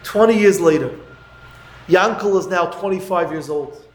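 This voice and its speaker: High-voiced man telling an emotional story. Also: moderate pace, roomy sound, rough recording. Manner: dramatic, rising to near-shouting at emotional peaks.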